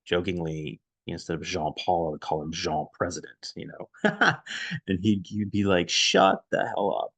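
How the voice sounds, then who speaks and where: A man casually recalling a friendship, quiet and reflective, halting with many restarts and fillers, audibly emotional. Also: low voice, dry recording. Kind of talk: casual personal storytelling.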